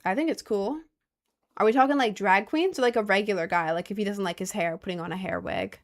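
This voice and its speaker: A young woman streamer chats casually with her viewers and reads their messages aloud. She rambles, fills her sentences with filler words and laughs often. Her voice sits at an ordinary, mid-range pitch. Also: fairly quick.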